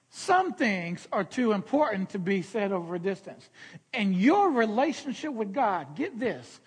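A man's voice: sits high, husky, in a large hall. A man preaching a sermon as pastor, talking conversationally and checking in with "okay?" as he repeats key points.

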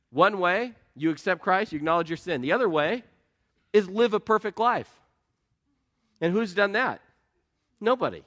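This pastor, a middle-aged man, speaks in a high register with a fairly bright tone. His sermon feels earnest and conversational as he questions the congregation and tells stories from his own life.

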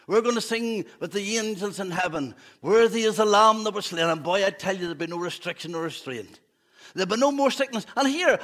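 A man's voice: sits high, fairly bright tone. A man preaching a fervent evening sermon in church, with humorous asides.

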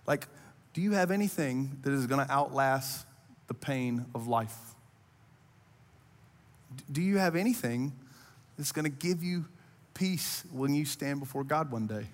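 A man's voice: mid-range voice, expressive, unhurried, long pauses, long reverb tail. A man preaching a sermon as pastor, earnest and conversational, building to impassioned rising appeals. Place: church auditorium.

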